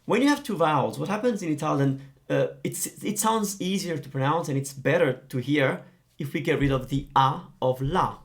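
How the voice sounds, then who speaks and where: A man teaching Italian grammar, explaining in a lively, playful way. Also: fairly high pitch, moderate pace.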